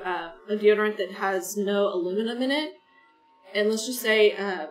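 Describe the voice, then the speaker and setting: Woman streamer, rambling easy chat; mic set back in a roomy space, soft game music underneath. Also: medium pitch, recorded from a distance. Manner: rambling, chatty, talks to chat viewers. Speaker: gaming streamer. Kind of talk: casual chat while playing a game.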